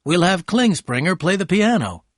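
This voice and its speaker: A man voicing a rich, dreamy gentleman who talks eagerly and courteously in a read-aloud story. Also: high voice, big pitch swings, normal speed, no room sound, studio quality, pitched above the performer's own voice. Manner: warm, eager host calling others old sport.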